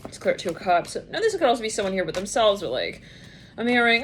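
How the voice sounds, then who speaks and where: A woman talks her way through a tarot spread in a casual, rambling voice at an ordinary pitch. She thinks aloud and slips into short playful imitations of the people she imagines. A faint background hiss runs under the voice. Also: big pitch swings, fast, a bit bright. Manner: rambling, musing aloud with bursts of playful mimicry. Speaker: tarot reader. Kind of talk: casual intuitive tarot reading.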